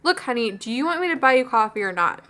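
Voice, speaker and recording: A woman's voice: fairly high pitch, big pitch swings, quick pace, sharp tone. A woman voicing a protective, earnest middle-aged father in a dorky manner.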